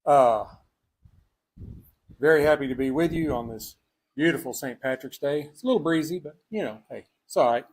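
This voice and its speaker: A man's voice: on the high side, expressive, normal speed, long pauses, darkish tone, slightly rough. A man with a Texas accent hosting a cigar and spirits livestream, chatting casually outdoors and rambling through fillers and restarts. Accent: Texan. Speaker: cigar and spirits show host. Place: outdoors on a breezy day.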